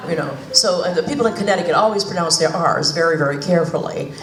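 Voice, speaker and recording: A woman's voice: on the low side, fast talker. A woman from Boston with a Boston accent, a cabaret singer chatting and joking with a live audience between songs. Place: senior center hall. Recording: echoey hall, mic at a distance, loud piano.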